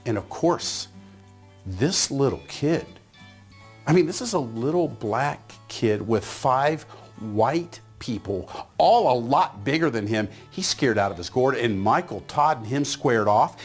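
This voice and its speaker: A middle-aged man giving a motivational talk, telling a story in an animated way and acting out the voices in it. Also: lowish voice. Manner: animated, acts out voices in his stories. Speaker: motivational speaker.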